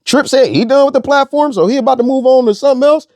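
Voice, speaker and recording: A man's voice: extremely high pitch, fast, darkish tone, no room sound. A young man delivering a blunt, profane rant as an online commentator, repeating phrases for emphasis. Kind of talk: ranting monologue.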